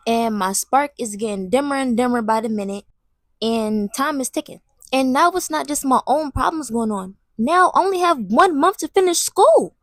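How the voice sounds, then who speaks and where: A young woman with a high, bright voice spins a dramatic storytime, blunt and slangy, chatting to the viewer like a close friend. The sound is dry and close, with no room echo. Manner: animated and dramatic, talking straight to the viewer; slangy and blunt, with some swearing. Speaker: vlogger. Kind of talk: casual storytime.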